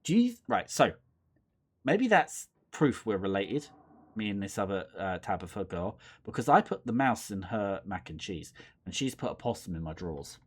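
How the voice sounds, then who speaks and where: A man's voice: lowish voice, very animated, normal speed, husky. A young man casually commentating and reading aloud a horror game, playful and rambling, often mocking himself. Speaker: let's play host.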